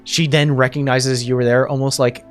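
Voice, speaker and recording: A man narrating as game master in a tabletop game, casual and halting. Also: medium pitch, little pitch movement, faint music behind.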